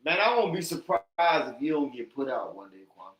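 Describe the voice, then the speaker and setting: A man hosting a podcast, reacting in casual chat with drawn-out, incredulous remarks. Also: a little high, big pitch swings, highs cut off. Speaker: podcast host. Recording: roomy echo.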